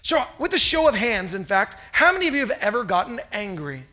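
A man's voice: sits high, very animated, a little fast, bright, forceful tone. A man preaching a sermon in a church, upbeat and chatty, joking with the congregation. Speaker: pastor. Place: church sanctuary.

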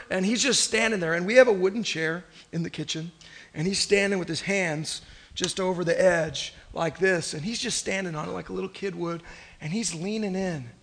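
High, forceful preacher man. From Oklahoma. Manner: animated, emotional storytelling. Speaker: pastor. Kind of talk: sermon with personal story. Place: church.

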